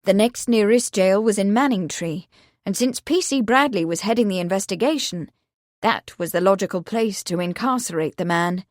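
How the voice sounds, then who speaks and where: The clip has no audible room and clean studio sound, carrying a woman's medium-pitched audiobook narration. She reads the scripted text with an even, measured storytelling delivery.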